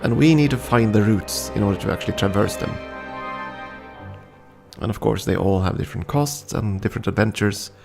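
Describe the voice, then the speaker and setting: A man's voice: fairly low pitch, fairly quick, gravelly, over music. A man casually commenting on a story game and reading its text aloud, thinking aloud with frequent ums. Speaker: game streamer.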